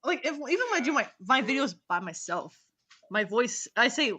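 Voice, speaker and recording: A teenage girl hosting a casual chat, rambling and giggling between quick asides. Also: a little high, very animated, bright, forceful tone, slightly rough. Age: teens. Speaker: host. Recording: echoey call audio.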